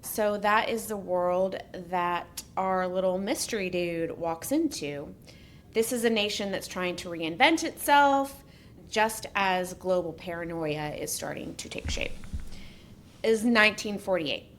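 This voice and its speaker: A woman's voice: fairly low pitch, measured pace, a little hiss or hum. A woman co-hosting a casual podcast, reading a prepared story with joking asides. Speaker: podcast co-host.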